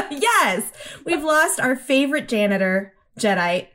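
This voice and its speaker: Woman co-host, slightly high voice, lively storyteller who laughs a lot, home video-call chat. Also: slow. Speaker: podcast co-host. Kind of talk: casual chat, recapping an anime episode. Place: home, room with paper cranes on the wall. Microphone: headphones on a video call.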